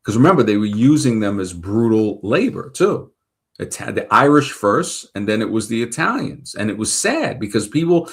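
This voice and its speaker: A man's voice: medium pitch, a bit bright. A man from Brooklyn, hosting a show and talking casually, rambling and thinking aloud as he checks facts mid-sentence. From Brooklyn, New York. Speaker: show host. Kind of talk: casual monologue.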